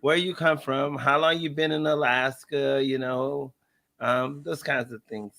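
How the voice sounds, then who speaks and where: A man from Texas hosting a casual live interview over a video call, chatty and quick to laugh as he tells stories. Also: medium pitch, steady tone, gravelly, sharp tone. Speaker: host.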